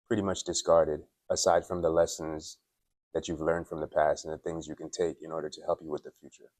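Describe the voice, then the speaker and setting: A man from Dominica in his late twenties or thirties gives blunt, opinionated self-improvement advice in a loose vlog monologue. His voice sits very low and barely moves in pitch, and the sound is close and dry. He leans on "like" and clears his throat often. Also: a little mellow, dry recording. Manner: candid, opinionated, filler-heavy with frequent "like". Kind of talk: casual motivational monologue. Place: at his workplace.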